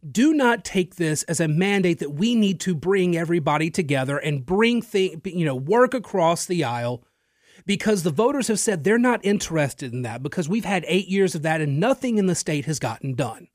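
A man's voice: on the high side, animated, normal speed, dry recording. Opinionated male talk radio host, dry sound. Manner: emphatic, opinionated, addresses listeners directly; occasional filler and repeated words. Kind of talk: political commentary monologue. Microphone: studio microphone.

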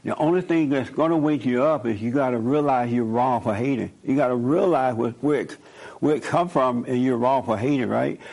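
Gravelly-voiced preachy male talk host. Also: mid-range voice, a little fast, darkish tone. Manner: emphatic, repeats points, chuckles while telling stories.

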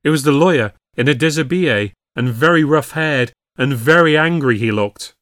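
Man reading a ghost story, steady measured voice, dry close sound. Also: mid-range voice, no room sound. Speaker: podcast narrator.

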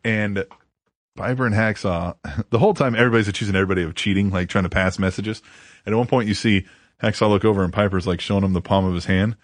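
A man's voice: fairly low pitch, steady tone, fast talker, dry recording. A man co-hosting a casual podcast, crude and laughing as he tells stories and reads listener tweets aloud. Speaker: podcast co-host.

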